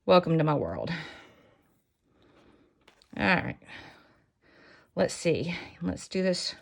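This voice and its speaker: Rambling, jokey woman, lowish voice. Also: sing-song, slow, gravelly. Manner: rambling, self-mocking, jokey asides. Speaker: sewing tutorial host. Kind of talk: casual chatty craft tutorial.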